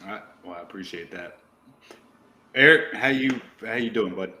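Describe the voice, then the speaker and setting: A man hosting a casual podcast, ranting and swearing a lot in an animated way. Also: fairly low pitch, normal speed. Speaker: podcast host. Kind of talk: profane casual chat. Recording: roomy echo.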